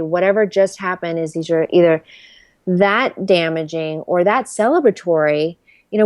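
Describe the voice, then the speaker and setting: A woman in her thirties, a career strategist appearing as an interview guest, speaks in a lowish voice with no room sound. She chats casually and candidly, telling stories with animation and acting out the quotes.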